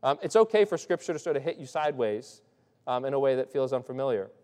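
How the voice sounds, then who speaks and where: A man's voice: medium pitch, animated, fast talker, darkish tone. Man preaching in a reverberant hall. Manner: loose, restarts often, asks "right?". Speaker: pastor. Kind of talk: conversational sermon.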